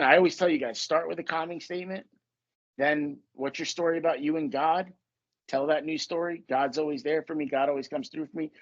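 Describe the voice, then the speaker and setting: On a lo-fi recording, a man with a fairly high voice hosts a podcast as a manifestation coach. He tells stories casually and animatedly, joking around and swearing a lot.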